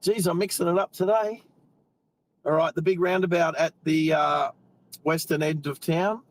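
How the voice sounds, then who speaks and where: A chatty Australian man talks from behind the wheel, hosting a live stream as he drives. His voice sits a little higher than most men's, and his talk is loose and rambling. He keeps greeting viewers by name as he goes. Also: steady tone, normal speed, rough recording. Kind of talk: casual live-stream chat. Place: in a car while driving.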